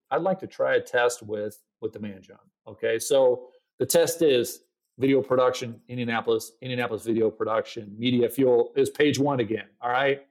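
A middle-aged man, a podcast guest, telling a story in casual interview talk and acting out his own quoted lines. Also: medium pitch. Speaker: podcast guest, agency founder.

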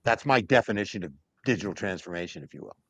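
A man speaking as a podcast guest on data strategy, emphatic and animated, acting out other people's lines as he goes. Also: deep voice, quick pace, breathy edge, dry recording. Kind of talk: casual podcast interview talk.

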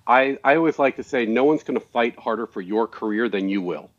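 A man's voice: mid-range voice, brisk. A man telling a career story on a video call, quoting the people involved. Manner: storytelling, quotes people in conversation. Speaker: panelist. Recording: dull lo-fi call audio.

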